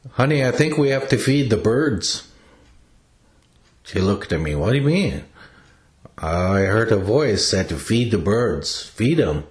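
Slow, low-voiced older man telling stories. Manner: unhurried, plain-spoken, with pauses and restarts. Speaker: elder sharing teachings. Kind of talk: reflective personal storytelling.

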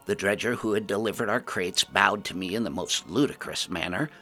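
A man narrating a fantasy story as a storyteller, with lively, expressive narration. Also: fairly low pitch, brisk, faint music behind.

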